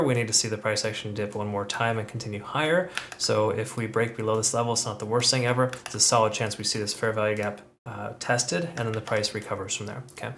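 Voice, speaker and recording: A man's voice: medium pitch, fairly bright tone, slight background noise. A man hosting his own trading channel, walking through price charts in a chatty way with frequent fillers and "okay?" check-ins. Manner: brisk, chatty, lots of okays and fillers. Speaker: crypto trading channel host. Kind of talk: screen-share market analysis.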